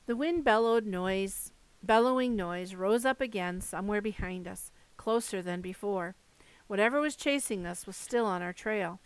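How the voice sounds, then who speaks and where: A woman reading a first-person novel aloud in a steady storytelling voice, mid-pitched. The sound is close and dry, with no room echo. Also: normal speed, clear, resonant tone. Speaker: audiobook narrator. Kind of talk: first-person audiobook narration.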